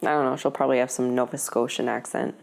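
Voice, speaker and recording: A woman's voice: rumbling low, flat delivery, fast, vocal fry. A woman co-hosting a casual podcast from home, telling stories in a chatty way and laughing often. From Alberta, Canada. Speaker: podcast co-host. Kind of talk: casual chat. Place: at home, indoors.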